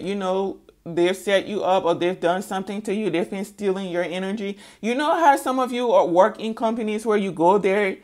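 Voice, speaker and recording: A woman with a middle-pitched voice delivers a tarot reading as a spoken monologue to her audience. She hammers her points home by repeating phrases. She keeps checking in with listeners along the way. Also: a little mellow. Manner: emphatic, repetitive, keeps checking in with "okay?". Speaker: tarot reader.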